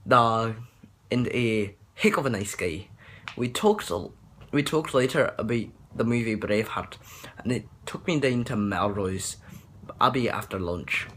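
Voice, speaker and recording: A man's voice: fairly low pitch, unhurried, a bit bright, a little hiss or hum. A young man talking casually about accents, rambling and hesitant with many fillers and restarts. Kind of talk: casual accent tutorial vlog.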